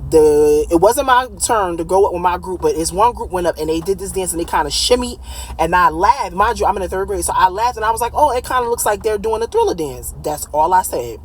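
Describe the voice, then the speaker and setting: A woman in her late thirties telling a personal story in a casual, blunt, animated way, swearing freely. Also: on the low side, slight background noise, rough recording. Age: late 30s.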